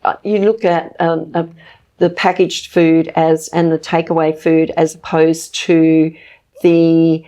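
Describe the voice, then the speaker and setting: A woman hosting an interview, speaking in a measured way with frequent fillers. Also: deep voice, little pitch movement, warm tone. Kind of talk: conversational interview.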